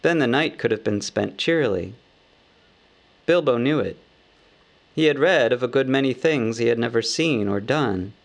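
Gravelly male storybook narrator. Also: medium pitch, expressive. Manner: measured, wry storytelling. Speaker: audiobook narrator.

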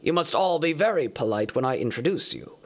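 A man reading a storybook aloud, voicing Gandalf, an old male wizard who lectures in a measured, easily cross way. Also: mid-range voice, expressive. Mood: lecturing.

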